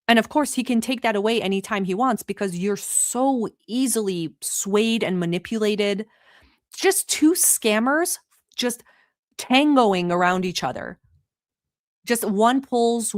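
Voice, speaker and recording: A woman's voice: medium pitch, no echo. Woman ranting, dry close sound. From Middle East. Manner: sarcastic, profane ranting. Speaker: livestream commentator. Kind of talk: heated reaction commentary.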